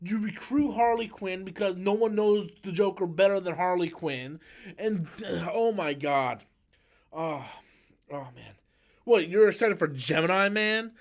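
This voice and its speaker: A man's voice: high-pitched, a little slow. A man ranting on a live stream about a film he hates, swearing often and mocking its lines in exaggerated voices. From United States. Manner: profane, exasperated ranting with mocking quotes. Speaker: YouTube movie commentator.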